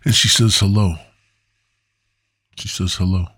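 A man's voice: sits low, steady tone, unhurried, a bit bright, breathy edge, no echo, studio quality. A man hosting a podcast alone, rambling in a meandering, crude, zoned-out way. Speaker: podcast host. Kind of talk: casual rambling monologue.

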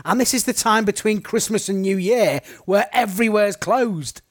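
A man's voice: high-pitched, normal speed, no echo, studio quality. A man chatting casually on a book podcast, musing and correcting himself as he goes. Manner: wandering, self-correcting musings. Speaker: podcast co-host. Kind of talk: casual book-club chat.

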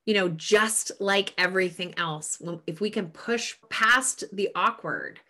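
Bright-voiced woman podcast host. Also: mid-range voice, measured pace. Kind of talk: casual interview conversation.

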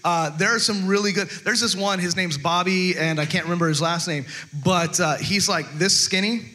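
A man's voice: sits high, normal speed, pushed and bright. A male pastor giving a chatty, humorous sermon, stumbling over restarts and acting out quotes.

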